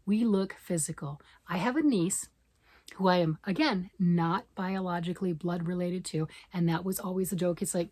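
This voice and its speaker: A woman from Michigan, a yarn vlogger chatting excitedly and fast to camera, rambling off on tangents. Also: lowish voice, no room sound. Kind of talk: casual chat to camera.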